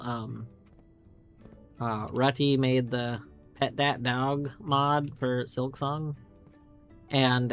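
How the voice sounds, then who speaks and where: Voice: medium pitch, a bit bright. A game streamer talking through a live puzzle game, chatty and rambling, swearing casually. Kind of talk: live gameplay commentary.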